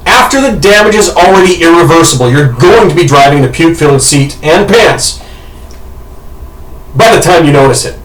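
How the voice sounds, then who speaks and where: Guy with a high, swingy voice rambling a funny story, slow, yelling and cussing, far off mic in an echoey room with noise. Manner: animated, bursts into shouted impressions, swears, laughs a lot. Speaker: podcast co-host. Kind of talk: casual comic storytelling. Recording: roomy, distant, noisy home mic.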